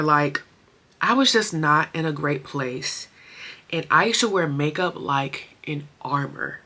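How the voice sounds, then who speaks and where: A young woman beauty vlogger chats expressively through her makeup routine in a casual tutorial, packed with slang and emotion. Her voice is on the low side, pushed and bright.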